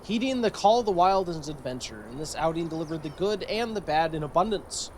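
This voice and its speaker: A man's voice: a little high, animated, brisk, background noise. A man streaming a strategy game, reading event text aloud and adding joking, sarcastic commentary.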